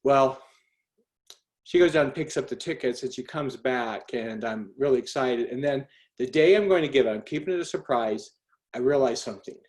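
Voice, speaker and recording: On a group call, a middle-aged man tells a personal anecdote in a lively, conversational manner, full of fillers and restarts. His pitch is medium and his pace moderate.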